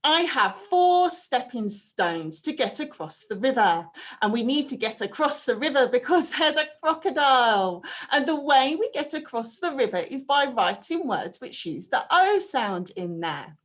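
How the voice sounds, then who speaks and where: Woman, primary teacher, unhurried and lively sing-song delivery, stretches each sound out for little ones. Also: high voice. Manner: slow, clear, sing-song prompting with drawn-out sounds. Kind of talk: phonics lesson for young children.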